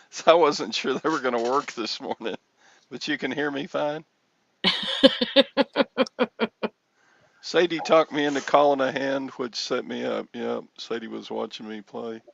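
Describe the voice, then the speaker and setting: An older man hosting a casual chat, telling a rambling story with chuckles and excited bursts. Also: medium pitch, takes it slowly, creaky, long pauses, lo-fi sound, a little hiss or hum. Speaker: host. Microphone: headphones with mic.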